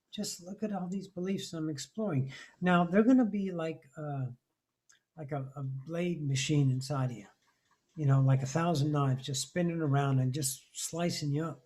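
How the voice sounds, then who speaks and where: A man's voice: fairly high pitch, moderate pace, a little mellow. A man giving a live spiritual talk, intense and rambling, swearing often as he preaches about identity and freedom. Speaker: spiritual teacher.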